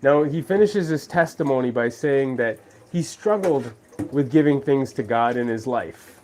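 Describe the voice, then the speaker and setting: In his home kitchen, washing up at the sink, a vlog host talks faith casually and rambles through a story, acting out those he quotes. His voice is mid-range, a little mellow and unhurried, with lively intonation and slight background noise.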